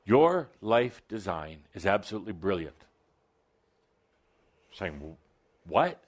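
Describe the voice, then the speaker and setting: A man channeling for a live audience in an event hall gives a spiritual talk in an animated, mid-range voice at a measured pace. He slips in wry, playful asides and breaks into sudden emphatic bursts.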